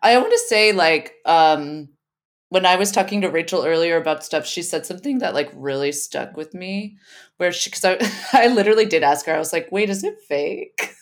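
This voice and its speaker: A woman with a low, deep voice hosts a podcast in loose, casual conversation. She rambles through her points and laughs often between thoughts. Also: brisk. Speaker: podcast co-host.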